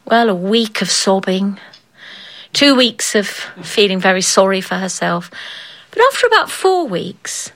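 A woman's voice: mid-range voice, expressive, measured pace, fairly bright tone, low-quality recording. A woman telling a folk tale aloud in a playful way, acting out the characters and laughing along. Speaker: storyteller. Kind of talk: oral storytelling.

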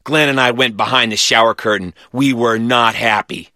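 A man reading a children's story aloud in a lively, animated way. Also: mid-range voice, normal speed, no room sound, studio quality.

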